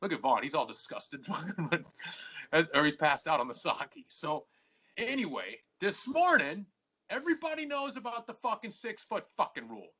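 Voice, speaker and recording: A podcast host telling a long, profane story with a sharp, husky edge to his voice. He plays out both sides of every quarrel. The audio is muffled and lo-fi. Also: fairly high pitch, big pitch swings, moderate pace. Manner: swears constantly, acts out both sides of arguments.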